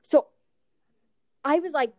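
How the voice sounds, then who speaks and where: A woman's voice: high voice, slow, crowd noise. A young woman telling stories in casual chat, acting out the people she quotes and swearing freely. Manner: animated, acts out quotes, swears.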